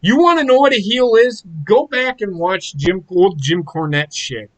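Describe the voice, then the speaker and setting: A man's voice: high voice, normal speed, a bit bright, rough recording. A man co-hosting a casual live watch-along chat, ranting in a heated, profane way. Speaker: podcast co-host.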